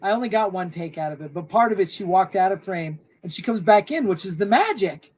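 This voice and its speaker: A woman filmmaker talking casually in an interview, animated and acting out quotes from her shoot. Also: a little fast, husky. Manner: animated, acts out quotes in high voices. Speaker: filmmaker guest.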